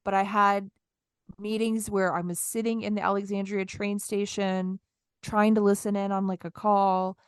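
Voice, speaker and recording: A woman in her thirties tells a story in easy, conversational chat, acting out what she said in little quoted bits. Her voice is smooth and clear, at a middle pitch, recorded close and dry with no room sound. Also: moderate pace, no room sound. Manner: animated, acts out her own lines in quotes. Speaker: podcast co-host.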